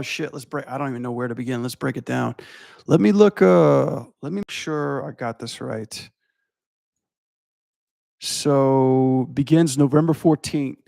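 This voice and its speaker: Gravelly young man, excitable casual reaction host, dry close mic. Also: medium pitch, no echo. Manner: excitable, swears casually, thinks aloud. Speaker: animation breakdown host. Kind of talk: casual trailer reaction commentary.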